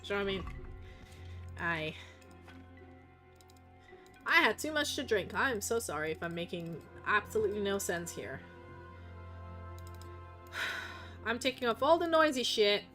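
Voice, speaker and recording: A woman's voice: medium pitch, sing-song, unhurried, long pauses, bright, forceful tone, soft background music. A woman streamer with a Russian accent, a native Russian speaker, chatting casually while she plays, rambling and swearing freely. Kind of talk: casual chat while gaming.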